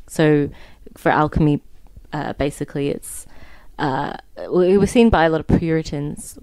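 A woman's voice: sits low, moderate pace, mellow, dry recording. A young woman in her twenties co-hosting a casual podcast, telling a story in a chatty way with lots of fillers. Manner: chatty, many fillers, laughs easily. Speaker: podcast co-host.

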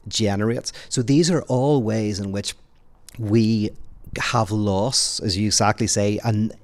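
A low-pitched man with a Northern Irish accent talks his way through ideas on a podcast. He tells stories in an animated way and laughs easily. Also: slow. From Northern Ireland. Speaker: podcast guest. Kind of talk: conversational podcast talk, telling a joke.

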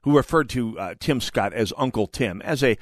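A man's voice: mid-range voice, animated, normal speed, no echo. A man hosting a talk radio show, giving opinionated commentary with emphatic, sarcastic delivery and indignant outbursts into a studio mic.

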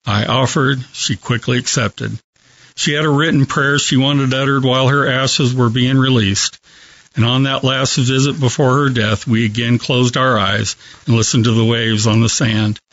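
A man calmly telling a reflective story as a guest on a radio talk show. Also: medium pitch, normal speed, muffled recording. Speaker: hospice worker telling a story.

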